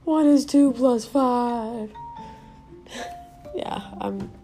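A woman's voice: on the high side, drawn-out words, mellow, soft background music. A young woman hosting a casual solo podcast from home, rambling with self-mocking asides. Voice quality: creaky vocal fry. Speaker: podcast host.

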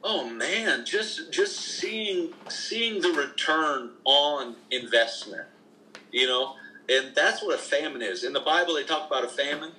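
A middle-aged man, a minister, telling faith stories in an animated, emphatic preaching style as a podcast guest. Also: on the high side, unhurried, a little hiss or hum, poor audio. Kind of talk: conversational preaching testimony.

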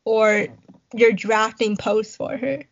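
A young woman with a slightly high voice chats casually and teases her friend, often asking follow-up questions. The recording has a dull, lo-fi quality. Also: fairly even intonation, slow. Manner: teasing, asks follow-up questions. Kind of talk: casual chat. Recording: dull lo-fi sound.

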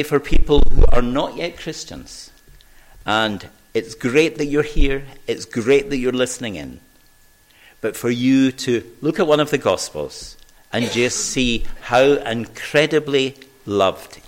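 A man delivers a sermon in a church at an unhurried, deliberate pace. His pitch sits in the middle range for a man, and he speaks earnestly, pausing between phrases. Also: animated. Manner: measured, earnest preaching. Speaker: preacher.

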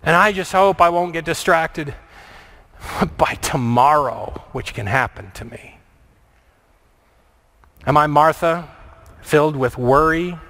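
A man preaching a reflective sermon, asking many questions and moving between lively and hushed delivery. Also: on the high side, slow, long pauses. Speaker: pastor.

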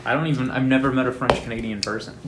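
A man's voice: mid-range voice, fairly even intonation, very fast, a crowd in the background. A young man casually chatting on a podcast from a home kitchen, telling stories loosely with lots of fillers. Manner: loose, filler-heavy storytelling with quoted voices. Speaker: podcast co-host. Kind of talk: casual chat.

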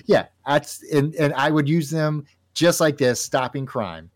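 A man co-hosting a casual comic book talk show, animated and laughing often as he reads panels aloud. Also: a little high, measured pace. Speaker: podcast co-host.

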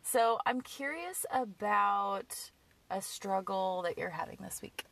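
A woman's voice: medium pitch, expressive, takes it slowly, gravelly, a bit bright, distant mic. A woman in casual podcast chat, telling a story in a chatty way and bursting into quotes of others.

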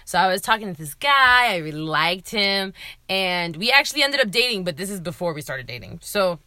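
A woman's voice: mid-range voice, sing-song, a little fast, sharp tone, dry recording. A young woman co-hosting a casual podcast, telling a story with lots of laughter and swearing. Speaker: podcast co-host.

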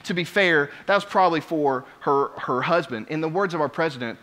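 Bright-voiced animated male preacher. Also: fairly high pitch, a little fast, few pauses, slight background noise. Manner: animated, swings from quiet to loud exclamations. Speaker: pastor. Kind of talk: sermon storytelling.

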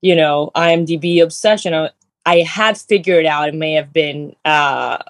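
An Italian actress with an Italian accent and a low-sitting voice joins as a guest over a phone video call from her bedroom. She speaks at normal speed, breezy and a little sassy, with many fillers, in a casual interview chat. The recording is dry.

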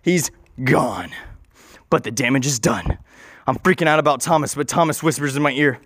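A man's voice: mid-range voice, normal speed, fairly bright tone, no echo. A young man telling a goofy, rambling improvised story, interrupting and correcting himself as he goes.

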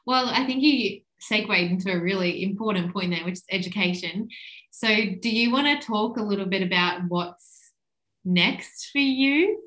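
A woman hosting a podcast, chatting casually and agreeing often with her guest. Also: medium pitch. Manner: warmly agreeing, quick bursts of laughter. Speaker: podcast host. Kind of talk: casual chat. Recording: echoey room.

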